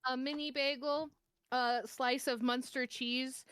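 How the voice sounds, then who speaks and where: A woman's voice: high-pitched, level tone, measured pace, fairly bright tone, clear, resonant tone, dry recording, clean studio sound. A woman streamer talking to herself while playing a game, swearing when she gets stuck. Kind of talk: live gameplay chatter.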